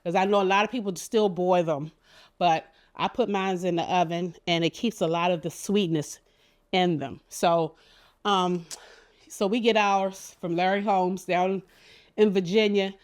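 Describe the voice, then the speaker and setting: A woman's voice: on the low side, fairly even intonation, measured pace. A middle-aged woman giving a casual cooking demonstration, telling chatty, rambling stories with many fillers. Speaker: cooking show cook.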